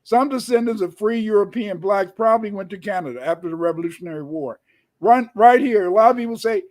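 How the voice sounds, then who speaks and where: A man giving an emphatic lecture, reading from old documents, repeating phrases and sometimes shouting. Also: high-pitched, fairly quick. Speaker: guest lecturer.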